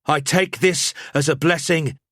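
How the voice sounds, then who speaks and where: A man's voice: fairly high pitch, fairly even intonation, unhurried, fairly bright tone, no room sound, clean studio sound, pitched above the performer's own voice. A male narrator voicing a young knight initiate who speaks plainly and bluntly. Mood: wry.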